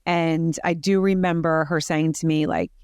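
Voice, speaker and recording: Brief: middle-aged woman guest, animated storyteller, filler-heavy, dry close sound. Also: deep voice, normal speed, smooth, dry recording. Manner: animated, lots of "like" fillers and restarts. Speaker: podcast guest. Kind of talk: personal storytelling in conversation.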